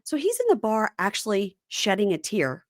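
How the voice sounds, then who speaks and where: A woman's voice: moderate pace, no echo, clean studio sound. A woman hosting a casual chat about a reality show, acting out what people said. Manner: animated, acts out quotes with big pitch swings. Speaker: podcast host.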